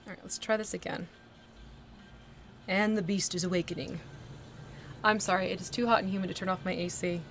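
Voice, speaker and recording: A woman hosting a casual painting livestream, thinking aloud as she works and answering her chat with bursts of excitement. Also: medium pitch, racing, hardly any pauses, faint music behind. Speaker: livestream host painting a miniature. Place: home art desk near an air conditioner.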